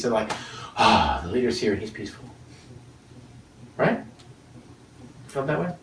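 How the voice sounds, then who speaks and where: A man preaching a sermon in an animated, joking way, laughing often as he teaches. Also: sits high, a little hiss or hum. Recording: echoey room, mic at a distance.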